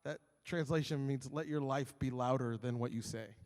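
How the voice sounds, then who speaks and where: A man's voice: medium pitch, moderate pace, a little mellow, in a large hall. A male pastor preaching a sermon, telling stories animatedly and acting out his own grumbling.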